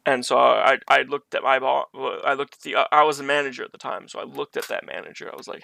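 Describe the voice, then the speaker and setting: A man's voice: medium pitch, little pitch movement, quick pace, creaky, hardly any pauses, pushed and bright, no echo. A man streaming from his bedroom, telling a personal story in a rambling, conversational way with many restarts. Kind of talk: casual storytelling on a live stream.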